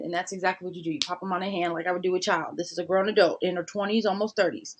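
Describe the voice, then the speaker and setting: A woman from a big city in casual podcast chat, telling stories with lively acted-out quotes. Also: fairly low pitch, racing, lo-fi sound, slight background noise. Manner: lively storyteller acting out voices.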